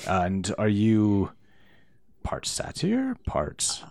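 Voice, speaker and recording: A man's voice: on the low side, huge pitch swings, very slow, vocal fry, a little mellow, no echo, clean studio sound, heavily acted. A man voicing a vain, cheerful chef in a tabletop game, proud and fussy as he greets new arrivals. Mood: courteous.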